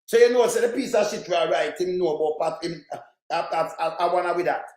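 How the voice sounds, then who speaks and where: Ranting Jamaican man, high voice, roomy echo. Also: fairly even intonation, fast. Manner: heated, crude, repetitive, shouts at times. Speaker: online commentator. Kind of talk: angry ranting commentary.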